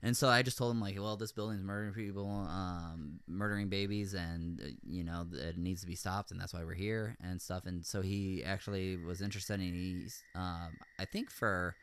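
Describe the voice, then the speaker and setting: A man hosting a podcast, recounting events in casual chat, rambling with many fillers and getting animated when he rants. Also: sits low, normal speed, few pauses, clean tone, no echo. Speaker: podcast host.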